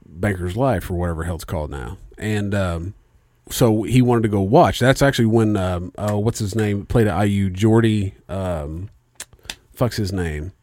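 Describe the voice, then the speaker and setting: A man's voice: lowish voice, no room sound. Profane rambling man with a dry close sound. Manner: profane, rambling, animated storyteller. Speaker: podcast co-host. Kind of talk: casual storytelling chat.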